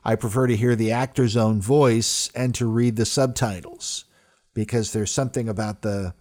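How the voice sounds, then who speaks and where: A man's voice: fairly low pitch, steady tone, normal speed. A man delivering a political commentary monologue in an emphatic way. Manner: emphatic, rising loudly when quoting.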